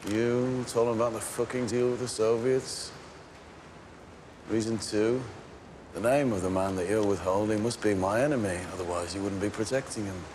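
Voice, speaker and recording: An actor as a 1920s Birmingham gang boss with a Birmingham accent in a crime drama, clipped and cold, breaking into furious shouts. His voice sits in a middle pitch. Steady noise runs under it. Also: moderate pace, close to an everyday voice.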